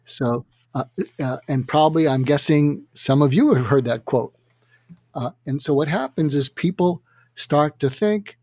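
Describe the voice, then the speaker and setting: A man telling anecdotes as an interview guest, animated and acting out quotes, with frequent fillers. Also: a little high, unhurried, dry recording. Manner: animated, acts out quotes in other voices. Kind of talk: anecdotal storytelling.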